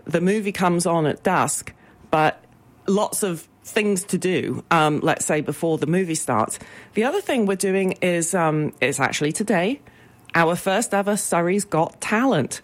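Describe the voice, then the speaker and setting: In a fairly low-pitched voice with lively intonation, a woman speaks a little slowly as a radio guest promoting her business improvement association's events. She's chatty and upbeat, with lots of ums.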